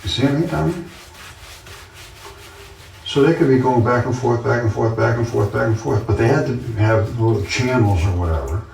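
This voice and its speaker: A man's voice: mid-range voice, fairly quick, vocal fry, darkish tone, a little hiss or hum. Man, earnest casual monologue, insistent and repetitive, echoey room. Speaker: vlogger. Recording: roomy, distant from the mic.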